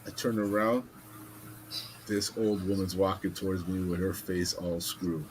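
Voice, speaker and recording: Casual storytelling podcast host, animated. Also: male voice, deep voice, a little slow, background noise. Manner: animated, swearing, acts out voices in stories.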